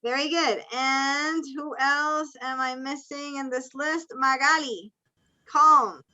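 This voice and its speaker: Speaking slowly in a high, pushed, bright voice, this ESL teacher runs an English class online. She calls on students patiently and offers encouraging explanations that move between English and Spanish, all captured in dull, lo-fi video call audio.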